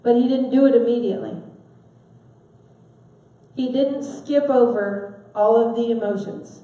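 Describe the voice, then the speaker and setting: A woman giving a sermon, asking her listeners questions and stressing key words with soft pauses. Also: on the high side. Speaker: preacher. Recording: very echoey, from far off the mic.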